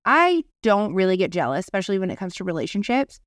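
A woman co-hosting a casual podcast, telling a story in an animated way, swearing freely and acting out quoted voices. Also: medium pitch, fast talker, no room sound, studio quality. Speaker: podcast co-host.

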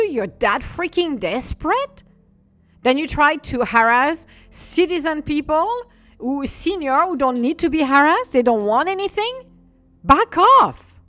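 A fired-up woman scolds a company in a ranting monologue, her fairly high voice leaping up and down as she goes. Her English phrasing is a little non-native, and soft music sits faintly behind her. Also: dry recording. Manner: indignant, animated, scolding.

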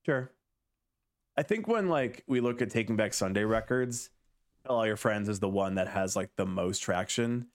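A man's voice: fairly low pitch, expressive, normal speed. A man in his thirties co-hosting a podcast, rambling and wry with lots of fillers. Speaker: podcast co-host. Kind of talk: casual chat.

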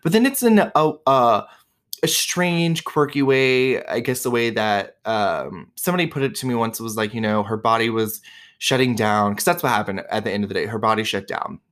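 A man's voice: medium pitch, normal speed, a bit bright. A man in his twenties hosting a podcast, talking candidly and casually, with lots of fillers and swearing. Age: 20s. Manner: chatty, candid, swears freely, many "like" and "um". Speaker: podcast host. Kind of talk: casual personal monologue.

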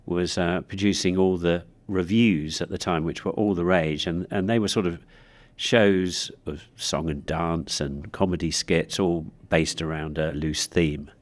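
Deep-voiced man recounting history, hesitant. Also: fairly even intonation, a little slow. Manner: hesitant, with fillers. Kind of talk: interview storytelling.

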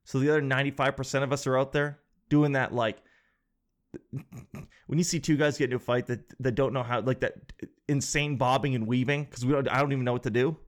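A man's voice: mid-range voice, fairly even intonation, brisk. A man hosting a casual comedic monologue, rambling and sarcastic, swearing freely.

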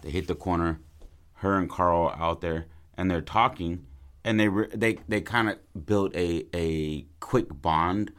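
A man in casual chat, loosely pitching a story with lots of fillers and swearing. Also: a little slow, a bit bright. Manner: loose, profane, rambling with many fillers. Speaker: podcast co-host pitching a film plot.

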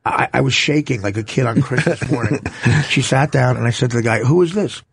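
Gravelly, husky male comedian. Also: mid-range voice, fast, dry recording. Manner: animated, loud shouted punchlines. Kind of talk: casual storytelling chat.

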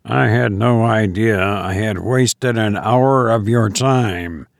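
A man's voice: fairly low pitch, takes it slowly, gravelly, no echo, studio quality. A man doing a pale, gloating visitor. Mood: sly.

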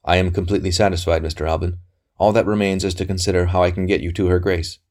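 A man's voice: deep voice, little pitch movement, quick pace, darkish tone, natural voice. A man reading aloud voices an old, secretive physician who speaks tersely and suspiciously. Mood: wary. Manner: terse, suspicious, flaring into scorn. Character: old wary male physician, fierce and secretive. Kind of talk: audiobook character reading.

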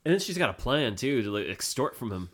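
Lively, laughing man in a podcast recap. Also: mid-range voice, fairly quick. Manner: laughs often, animated reactions. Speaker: podcast co-host. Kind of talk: casual recap chat.

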